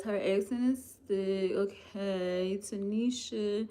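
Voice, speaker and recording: A woman's voice: medium pitch, a little slow. A woman with a Philadelphia accent on a livestream, chatting casually and expressively while reading viewer comments aloud. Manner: chatty, expressive, addresses viewers as "y'all" and "girl". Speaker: livestream host.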